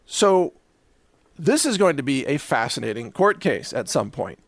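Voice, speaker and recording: Animated, mocking male commentary host. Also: mid-range voice, a little slow, vocal fry, dry recording. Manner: sarcastic, mocking, acts out quoted voices. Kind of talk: opinion commentary monologue.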